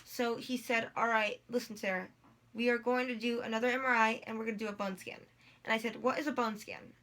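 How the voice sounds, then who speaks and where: A woman's voice: a little high, steady tone, brisk, a bit bright. A teenage girl telling a long personal story in a casual vlog, rambling with many likes and ums while in pain. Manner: rambling, lots of likes and ums, quotes people in dialogue. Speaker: vlogger.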